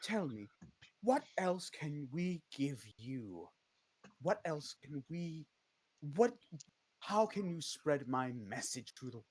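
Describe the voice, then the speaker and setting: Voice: medium pitch, sing-song, takes it slowly, husky, exaggerated voice. A game master voicing a villainous female eldritch empress who calls everyone darling, in a silky, condescending manner during a tabletop game. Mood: coaxing. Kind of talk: tabletop role-play voicing.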